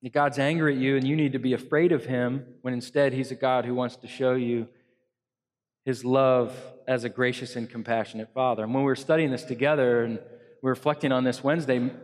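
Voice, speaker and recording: A man delivers an earnest sermon from the front of a church, his voice middle in pitch. He rises into loud, emphatic lines, then drops to soft, hushed ones. A long reverb of the big room trails after his words. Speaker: pastor. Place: church hall.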